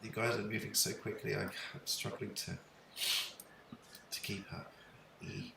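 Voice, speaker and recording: A low-voiced man with a gravelly edge, gasping out awed, emotional remarks on a live stream. He sounds set back from the mic, with a roomy echo and loud outdoor noise around him. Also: little pitch movement, a little slow, recorded from a distance. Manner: awed and emotional, breathless exclamations. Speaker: live streamer filming the sky.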